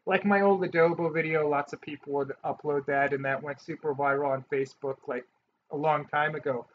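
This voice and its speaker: A man from North Dakota who hosts a travel channel, chatting casually through viewer questions with a self-deprecating manner. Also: fairly even intonation. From North Dakota, USA. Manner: chatty, self-deprecating, quick to mimic accents. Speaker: vlogger, channel host. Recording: muffled low-fidelity audio with faint background hiss.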